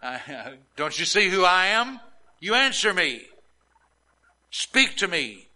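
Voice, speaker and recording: A man's voice: sits high, very animated, slow pace, sharp tone, voice pushed up, exaggerated voice, low-quality recording. A man voicing a proud, agitated Roman governor who demands answers in a raised, indignant voice.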